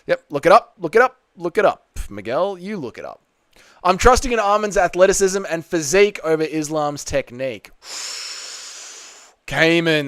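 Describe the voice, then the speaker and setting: Lively Australian man chatting on a livestream. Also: a little high, smooth, no echo. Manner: chatty, reads comments aloud then answers with banter. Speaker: podcast host. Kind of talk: casual livestream chat reading viewer questions. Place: home room with balcony window open.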